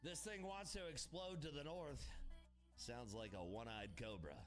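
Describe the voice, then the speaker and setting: Crude, animated male livestreamer. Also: mid-range voice, moderate pace, faint music behind. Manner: crude, joking, hyped asides to chat. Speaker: livestreamer trading futures. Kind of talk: casual livestream chat.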